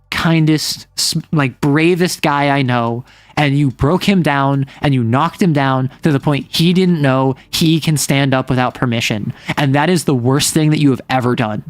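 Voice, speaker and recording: A man's voice: fairly high pitch, unhurried, no echo, studio quality, close to an everyday voice. A man voicing a hot-tempered young female exorcist who speaks in a fierce, confrontational way. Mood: defiant.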